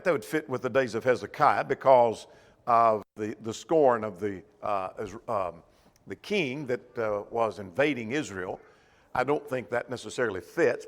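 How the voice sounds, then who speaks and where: A man's voice: medium pitch, big-room sound. A man teaching a church Bible class in a conversational way, asking the class questions as he goes.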